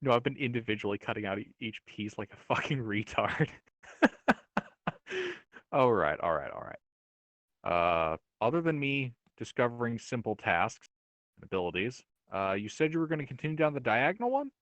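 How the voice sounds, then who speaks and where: A man's voice: medium pitch, big pitch swings, a little fast, a bit bright, no room sound, dull audio. A man running a tabletop game as dungeon master, casual and laughing as he describes scenes.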